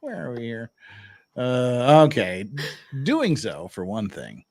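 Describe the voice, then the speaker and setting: A man's voice: lowish voice, huge pitch swings, measured pace, dry recording. A man co-hosting a casual legal talk show, reading court filings aloud and adding dry, jokey asides. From Utah. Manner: dry, jokey asides between read passages. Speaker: podcast co-host.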